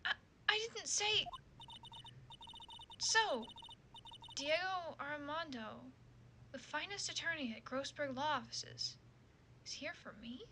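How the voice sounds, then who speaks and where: A woman's voice: high-pitched, expressive, slow pace, long pauses, sharp tone, a little hiss or hum, exaggerated voice. A woman voicing a nervous young female rookie attorney in a game who talks hesitantly, with stammers.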